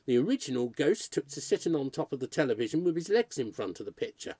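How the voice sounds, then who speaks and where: Man, audiobook narrator, expressive storytelling, widely moving pitch, dry close sound. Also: fast, slightly rough, dry recording. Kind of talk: audiobook reading of a short story.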